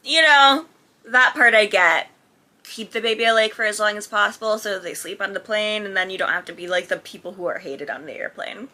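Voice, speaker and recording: A woman's voice: mid-range voice, quick pace, hardly any pauses, sharp tone. A woman hosting a reaction video, talking casually and effusively with lots of "like" fillers. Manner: chatty and effusive, many "like" fillers. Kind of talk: casual commentary while watching a sitcom.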